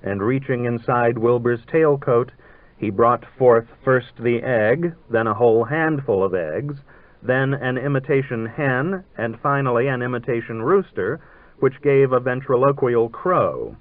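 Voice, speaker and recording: A man narrating a literary story in a measured, dryly ironic way, heard on a tinny old radio broadcast. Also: mid-range voice, animated.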